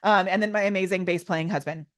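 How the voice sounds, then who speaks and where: A woman in her thirties presenting a live online workshop with energetic, theatrical, over-the-top enthusiasm. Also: mid-range voice, quick pace. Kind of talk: live webinar teaching.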